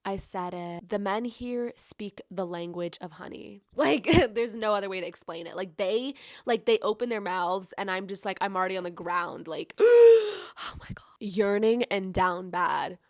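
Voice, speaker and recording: A woman's voice: mid-range voice, moderate pace, few pauses, no room sound. Gushing woman book vlogger, dry close sound. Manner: gushing, effusive, heavy use of filler "like"; swings from hushed to loud excited bursts. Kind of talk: casual book review vlog.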